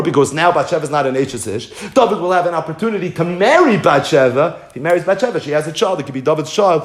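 Animated male Torah teacher, echoey room. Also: on the high side. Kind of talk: animated storytelling Torah class.

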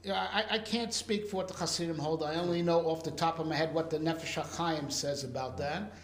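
A man's voice: on the high side, fairly even intonation, a little fast, roomy sound, a little hiss or hum. A man teaching a casual Torah class, talking conversationally with Hebrew and Yiddish terms and frequent "right?" checks.

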